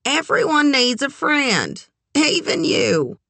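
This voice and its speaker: A woman's voice: high voice, big pitch swings, slow, gravelly, sharp tone, no room sound, voice pushed up, full character voice. A woman voicing a kind older aunt who talks in a dry, wry way. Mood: dry kindness.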